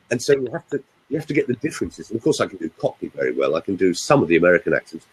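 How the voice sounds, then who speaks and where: Animated older man, husky voice. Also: fairly low pitch, very fast, poor audio. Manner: chatty, animated storyteller. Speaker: voice coach. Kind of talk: casual webinar chat.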